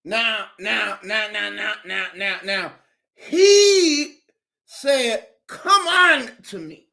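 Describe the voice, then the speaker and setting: A man's voice: high-pitched, animated, creaky, heavily acted. A man voicing a fervent church preacher in a mock sermon, drawing out words and repeating himself. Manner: drawn-out, repetitive, swings loud to soft. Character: hollering male church preacher, fervent and dramatic.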